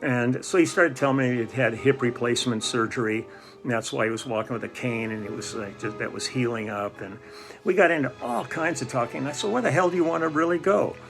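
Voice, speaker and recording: A man's voice: mid-range voice, brisk, music in the background. An older man telling stories in a casual, rambling way, with many fillers and restarts. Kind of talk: casual storytelling.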